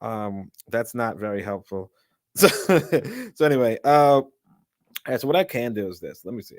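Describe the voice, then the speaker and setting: A man hosting his channel, reading a book aloud in a halting, self-correcting way and breaking off for chatty asides. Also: lowish voice, no echo, studio quality. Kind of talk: casual live reading with asides.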